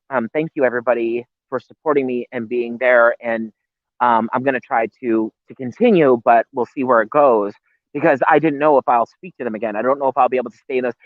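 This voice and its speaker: A man of medium pitch appears as a guest on a live-stream interview, heard over a tinny, phone-like, dry line with no echo. He talks heatedly and ramblingly, swearing and restarting often.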